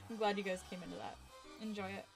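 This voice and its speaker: A woman's voice: medium pitch, vocal fry. A woman streaming a horror visual novel, reading its text aloud and chatting with viewers, laughing often and swearing casually. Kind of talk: live game stream chat and reading aloud.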